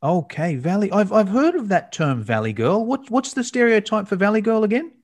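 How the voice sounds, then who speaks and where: A chatty male podcast host with a fairly high voice, talking in a relaxed, easygoing way. He introduces guests and banters loosely, with a quick laugh now and then. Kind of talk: casual podcast interview.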